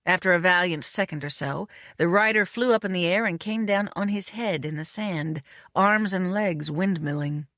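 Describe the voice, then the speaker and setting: An audiobook narrator reading a novella in a brisk, even storytelling manner. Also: medium pitch, dry recording, studio quality. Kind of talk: scripted narration.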